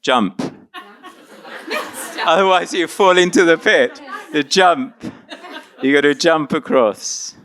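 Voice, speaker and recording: A man's voice: a little high, big pitch swings, slow, fairly bright tone. A man from Argentina leading an interactive teaching workshop, upbeat and encouraging as he coaxes volunteers along.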